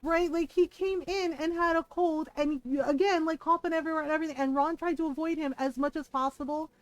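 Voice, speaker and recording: Middle-aged lady streamer, high voice, swears a lot, lively gossipy storytelling, dry sound. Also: fast, no room sound, low-quality recording. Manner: animated, profane, laughing retelling. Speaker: live streamer. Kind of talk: casual storytelling chat.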